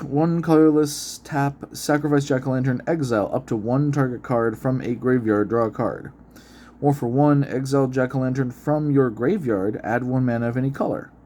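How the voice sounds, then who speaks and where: A man in an easygoing, unscripted monologue, reading card text aloud and then musing over it, laughing now and then. His voice sits at an ordinary middle pitch. A faint hiss runs under the recording. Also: darkish tone. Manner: chatty, reads card text aloud and muses, laughs often. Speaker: card-opening video host. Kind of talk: unedited casual commentary.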